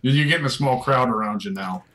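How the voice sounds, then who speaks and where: A man narrating as dungeon master in a tabletop game, playful and quick to laugh. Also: medium pitch, fairly bright tone. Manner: laughs often, playful teasing.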